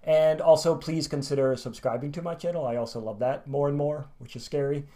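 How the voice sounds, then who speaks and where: A man's voice: a little high, fairly quick, dark tone. Chatty, self-deprecating male English teacher. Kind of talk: casual video lesson outro.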